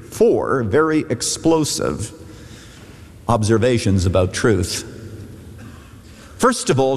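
A middle-aged male pastor preaches a sermon, his voice swinging widely from low murmurs to high emphatic peaks. He sounds like he's in a large church sanctuary, with a long hall reverb trailing each phrase. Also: very animated, moderate pace. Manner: emphatic preaching with sweeping rises and drops in pitch.

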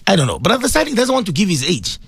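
A man's voice: sits high, huge pitch swings, fast, vocal fry, fairly bright tone, husky, no echo, clean studio sound. A middle-aged man, hosting a call-in radio show in casual, rambling chat and greeting listeners by name.

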